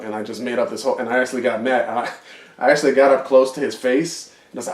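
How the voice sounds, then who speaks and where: Speaking very fast with a steady, mid-pitched and slightly mellow voice, a male podcast co-host tells a rambling story. He chats casually, full of fillers and swearing, on a roomy, distant-mic recording.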